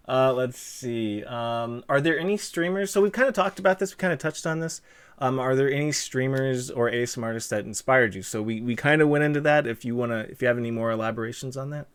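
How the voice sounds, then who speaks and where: Host: man, mid-pitch, punny and self-deprecating, slightly stuffed nose, casual stream chat. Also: a little fast, clean tone. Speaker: interview host reading chat. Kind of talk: casual livestream interview.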